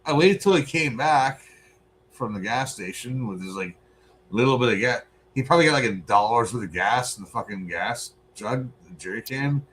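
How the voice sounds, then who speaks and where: A man, co-host of a podcast, telling a profane, animated story in casual chat. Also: mid-range voice, moderate pace.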